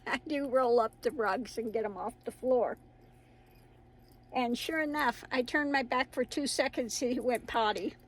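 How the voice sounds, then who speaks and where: This high-sounding, slightly slow voice belongs to a middle-aged woman who leaves long pauses on a rough recording. As a tarot reader and channel host, she chats with viewers in a rambling, casual manner, laughing often.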